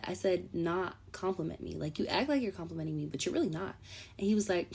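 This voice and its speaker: A woman's voice: on the low side, lively intonation, fast talker, creaky, darkish tone, husky. A woman casually telling a dating story to camera in a playful, dramatic way.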